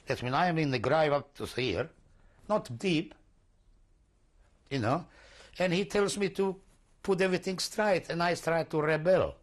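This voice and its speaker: An older man recounting his memories in an oral history testimony, speaking halting, broken English and often searching for words. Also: a little high. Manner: non-native English, broken grammar. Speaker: interviewee.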